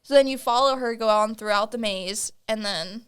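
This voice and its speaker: A young woman co-hosts a podcast in a relaxed, chatty way, filling her sentences with "like." Her voice is fairly high, smooth and clear. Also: moderate pace. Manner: chatty, lots of "like". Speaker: podcast co-host. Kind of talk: casual chat.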